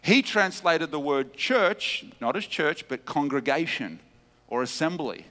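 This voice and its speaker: A man preaching a teaching sermon, emphatic, with wide swings of pitch and loudness. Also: lively intonation, unhurried. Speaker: pastor. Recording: long hall reverb.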